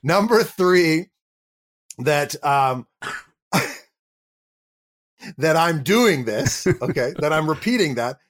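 A man's voice: a little high, takes it slowly, long pauses. A middle-aged male actor, a guest on an interview show, telling a funny story and acting out the people in it. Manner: animated storyteller acting out dialogue. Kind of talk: interview anecdote.

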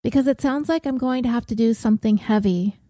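A woman narrator voicing a blunt, troubled woman who talks in a wry, gruff, self-mocking way. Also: a little high, quick pace, dark tone, no echo, studio quality, lightly acted. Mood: weary.

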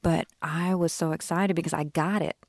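A woman with a notably low voice, chatting candidly as a podcast co-host. She tells personal stories with animated emphasis. The recording is close and dry. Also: normal speed, dry recording. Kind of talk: casual conversation.

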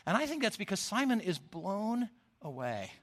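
Man, middle-aged, lay preacher, sermon, expressive storytelling, bright high voice. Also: normal speed.

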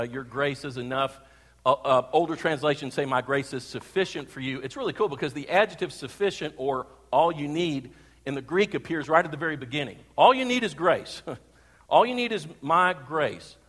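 A man preaches from the pulpit, his voice sitting a bit high. He keeps turning to the congregation with questions. Long reverb from the sanctuary trails each phrase. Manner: animated, rhetorical questions to the congregation. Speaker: pastor. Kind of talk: sermon. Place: church sanctuary.

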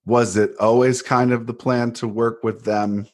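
A man's voice: medium pitch, flat delivery, a little slow, darkish tone. A man hosting a conversational interview, asking thoughtful questions and rephrasing them as he goes. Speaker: interviewer host.

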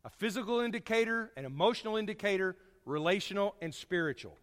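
A man preaching a sermon to his congregation, folksy and storytelling, swinging from loud to hushed. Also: high voice, animated, fast talker, in a large hall.

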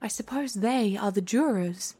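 A woman's voice: mid-range voice, measured pace, dark tone, husky. A woman voicing Alice, a curious young girl at a trial. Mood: observing.

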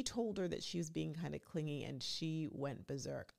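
Low gravelly woman with opinions. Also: moderate pace. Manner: animated, opinionated, acts out quotes. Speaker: podcast host. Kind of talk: casual recap chat.

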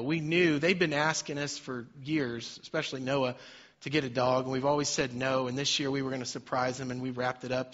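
A man, a pastor, preaching a sermon with dynamic swings between loud emphasis and soft, quiet lines. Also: mid-range voice, highs cut off.

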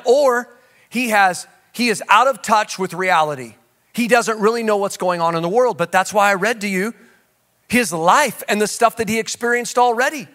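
A man preaching a sermon as pastor, animated, swinging from shouts to low asides and calling out to the congregation. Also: moderate pace. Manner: conversational storytelling with audience call-outs.

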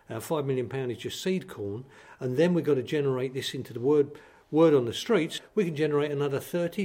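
A man's voice: a little high, mellow. An older man from East London, an advertising executive, telling stories in an interview in a blunt, punchy way. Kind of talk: interview storytelling.

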